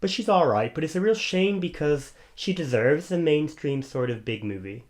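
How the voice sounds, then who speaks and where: A man co-hosting a podcast in casual chat, gossipy and quick to laugh. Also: fairly high pitch, lively intonation, a little mellow. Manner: chatty, gossipy, laughs often. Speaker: podcast co-host.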